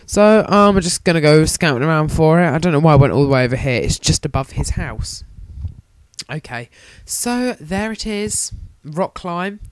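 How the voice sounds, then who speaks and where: Jokey young gamer, dry sound. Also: male voice, a little high, lively intonation, normal speed, dry recording. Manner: jokey, self-mocking, rambling. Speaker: let's play commentator. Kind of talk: casual game commentary.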